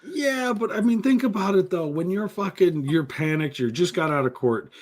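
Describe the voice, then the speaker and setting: A podcast host with a high voice and lively intonation chats casually at a moderate pace. He tells stories bluntly, swears freely, and teases his crew in profane storytelling.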